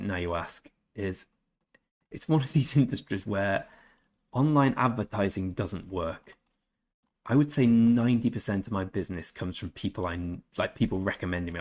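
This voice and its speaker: He's a chatty gaming streamer with a low voice, talking casually on a live stream. Viewer messages get read aloud and answered, and he tries, haltingly, to speak German.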